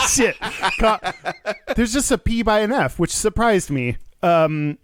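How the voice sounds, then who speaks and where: A man's voice: high voice, very animated, takes it slowly, a bit bright, slight background noise. A man co-hosting a podcast in casual banter, joking around and laughing often. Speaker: podcast co-host.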